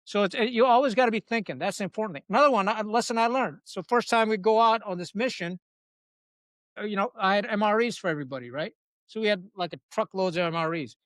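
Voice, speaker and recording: A man speaking as a podcast guest, telling his stories bluntly and with salty language. His voice sits fairly high. The room sound is dry, with almost no echo. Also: quick pace. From Pakistan. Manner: blunt, salty, animated storyteller. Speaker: podcast guest, retired Marine officer. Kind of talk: candid conversational storytelling.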